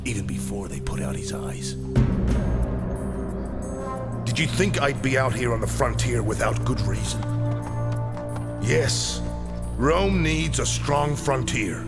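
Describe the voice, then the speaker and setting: An actor playing a vengeful, power-hungry Roman family leader, speaking slowly and menacingly. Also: male voice, medium pitch, expressive. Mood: brooding. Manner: slow, brooding, menacing. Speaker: faction leader in game cutscene. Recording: music playing loudly behind.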